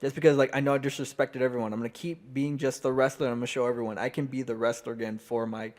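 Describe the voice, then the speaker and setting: A man co-hosting a casual podcast chat, his voice sitting at an everyday middle pitch. He tells his stories earnestly and with plenty of swearing. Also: steady tone, rapid-fire, darkish tone. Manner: heartfelt, profane storytelling. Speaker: podcast co-host.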